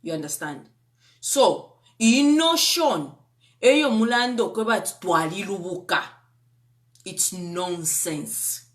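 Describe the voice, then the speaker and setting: A woman's voice: on the low side, animated, slow pace. A young adult woman with a Zambian accent giving live-streamed political commentary. She speaks emphatically, repeats herself, asks viewers rhetorical questions and mixes in local-language phrases.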